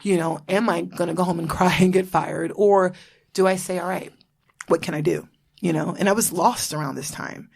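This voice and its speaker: A woman's voice: lowish voice, steady tone, normal speed, creaky, husky. A woman in her thirties from Florida, hosting a casual podcast chat, bubbly and laughing often, swearing freely. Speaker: podcast host.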